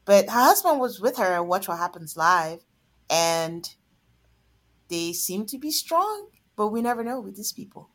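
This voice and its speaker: A woman co-hosting a podcast in casual chat, laughing often and trailing off softly. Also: mid-range voice, sing-song, measured pace. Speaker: podcast co-host.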